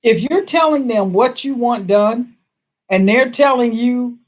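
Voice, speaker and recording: A woman's voice: a little high, very animated, normal speed. A woman hosting a casual live stream who reads viewer comments aloud, talking in a chatty, emphatic way and laughing often. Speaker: livestream host reading viewer comments.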